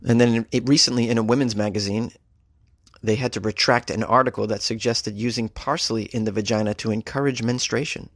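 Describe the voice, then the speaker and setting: A man hosts a comedic news podcast, reading odd stories and cracking wry asides between them. His voice sits at an ordinary pitch and stays loose and conversational. The recording is close and dry. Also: steady tone, a little fast, no echo. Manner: wry, joking, riffs on stories. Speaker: podcast host.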